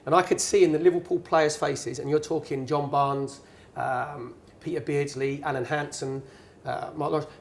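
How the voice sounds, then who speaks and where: Middle-aged bloke telling a footie story at a bar event, kinda high voice, faint background hum. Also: male voice, moderate pace, gravelly. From England. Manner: chatty, animated storyteller acting out quotes. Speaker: guest speaker, former footballer and pundit. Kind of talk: anecdotal storytelling on stage.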